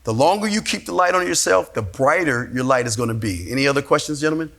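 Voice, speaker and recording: A man's voice: mid-range voice, lively intonation, fast talker, vocal fry, fairly bright tone. A man giving a blunt, profane motivational talk to a room of men and answering their questions. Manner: blunt, profane, emphatic and repetitive. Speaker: speaker at a men's seminar.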